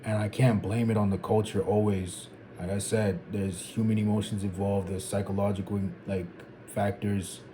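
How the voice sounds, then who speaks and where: A man's voice: on the low side, little pitch movement, moderate pace, hardly any pauses, dark tone, slight background noise. A young man from Zimbabwe thinking aloud in a reflective vlog, meandering and repeating phrases as he works through his thoughts. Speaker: vlogger. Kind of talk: reflective solo talk to camera.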